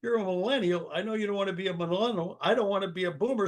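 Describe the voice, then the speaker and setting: An older man, a guest author and speaker from the United States, giving advice in a lively interview, acting out quotes with sudden jumps in his voice. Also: fast talker, hardly any pauses. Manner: animated, acts out quotes with sudden pitch jumps.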